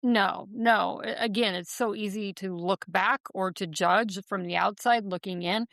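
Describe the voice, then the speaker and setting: A woman co-hosting a podcast, responding in a calm, affirming way. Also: medium pitch, measured pace, vocal fry, dry recording, studio quality. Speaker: co-host. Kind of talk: supportive podcast listening.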